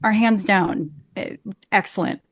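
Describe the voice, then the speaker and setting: A woman's voice: mid-range voice, a little slow, gravelly, no room sound, clean studio sound. An American woman, an actor and Shakespeare coach, talking earnestly and passionately in an interview over a video call, often repeating words as she starts a phrase. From United States. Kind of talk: conversational interview. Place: home room, video call.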